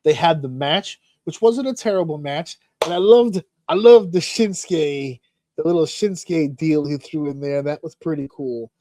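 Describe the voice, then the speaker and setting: A man co-hosting a podcast, telling a story in casual chat with lots of swearing and animated excitement. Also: fairly high pitch, moderate pace, no echo. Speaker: podcast co-host.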